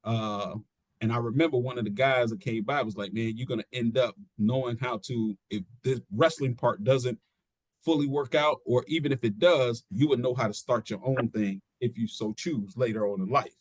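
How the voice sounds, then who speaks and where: A middle-aged man, a pro wrestler being interviewed, telling his story casually and acting out quotes in an animated way. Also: mid-range voice, moderate pace, no room sound. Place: studio.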